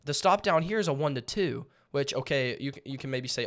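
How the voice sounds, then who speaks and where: A man's voice: medium pitch, lively intonation, a little fast, a bit bright. A young man with a lilt, talking casually through a trade recap with lots of fillers and repeated words. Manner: jokingly theatrical. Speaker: day trading channel host.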